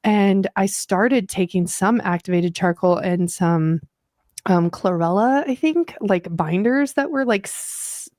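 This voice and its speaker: A woman's voice: mid-range voice, takes it slowly, darkish tone, no echo, studio quality. A woman co-hosting, telling her story casually and directly to viewers, with many filler words. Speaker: co-host sharing her health journey. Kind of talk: casual personal talk.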